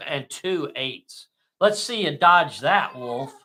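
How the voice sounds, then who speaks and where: A man who isn't a native English speaker narrates a tabletop miniatures game, delivering slow, dramatic play-by-play. His voice is a little high, animated and sharp, with a faint hiss or hum in the background.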